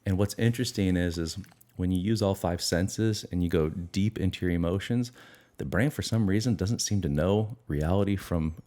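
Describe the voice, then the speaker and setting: A middle-aged man with a very low voice speaks earnestly in an interview. He reflects on his own experience and now and then acts out little inner conversations. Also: normal speed, mellow. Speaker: guest, addiction recovery expert.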